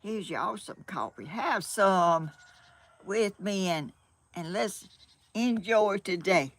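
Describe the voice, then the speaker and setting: A mid-range, expressive voice comes at a slow pace from an older Southern woman from Georgia, USA. On her live stream from a sunny room at home, the vlogger chats casually, gets a bit flustered, and laughs often.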